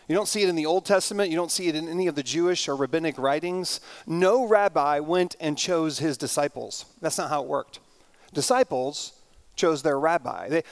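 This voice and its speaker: A pastor preaching a sermon, retelling a story in an animated, conversational way. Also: male voice, on the high side, clear, resonant tone.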